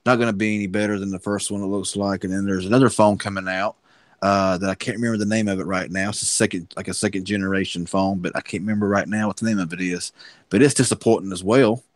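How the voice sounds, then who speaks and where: A man's voice: low voice, fairly even intonation, fast, no echo. A man co-hosting a tech livestream, talking casually and hesitantly, often restarting his sentences.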